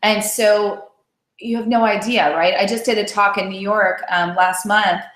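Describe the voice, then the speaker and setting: A woman's voice: medium pitch, fairly even intonation, measured pace, fairly bright tone. A woman weight-loss coach leading a motivational live call. She talks in a chatty, encouraging way and keeps checking in with "right?". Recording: roomy echo.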